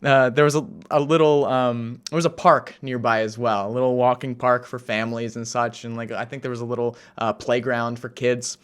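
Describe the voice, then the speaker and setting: A man's voice: medium pitch, flat delivery, a little fast, few pauses, clear, resonant tone. A young man from the United States telling a story in a casual, rambling way, with many fillers and restarts and a self-amused tone. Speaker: vlogger.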